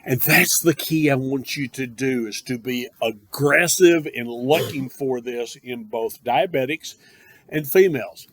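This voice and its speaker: A man's voice: mid-range voice, a little slow, a bit bright, dry recording. A man teaching a paramedic class, speaking emphatically and conversationally and addressing his students directly. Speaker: paramedic course instructor. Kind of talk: classroom lecture.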